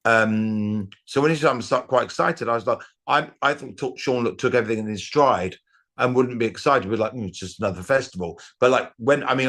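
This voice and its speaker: A middle-aged comedian telling rambling anecdotes in a casual interview, with restarts and acted-out quotes. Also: male voice, medium pitch, fairly bright tone. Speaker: comedian guest.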